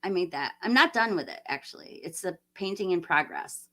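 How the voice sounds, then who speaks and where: Fairly quick and animated, this woman's lowish voice has a fairly bright tone. In her late forties, she hosts a relaxed livestream, wandering between viewer comments with frequent laughter.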